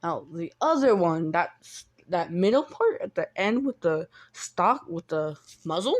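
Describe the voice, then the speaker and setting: A woman's voice: on the low side, sing-song, measured pace. A woman casually retelling a fan story, rambling and stumbling over her words with lots of restarts and some offhand swearing.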